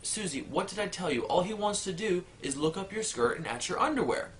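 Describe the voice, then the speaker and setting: A man voicing a mother who scolds her daughter in a soft, tired way. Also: high voice, expressive, a little fast, a little hiss or hum, voice pushed up. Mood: weary.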